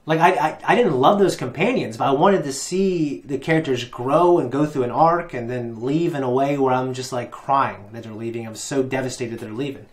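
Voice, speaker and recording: A man's voice: medium pitch, normal speed, few pauses. A man giving a casual, rambling TV episode review, swearing freely and filling gaps with "like" and "you know". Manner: rambling, swears, lots of fillers. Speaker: reaction channel host.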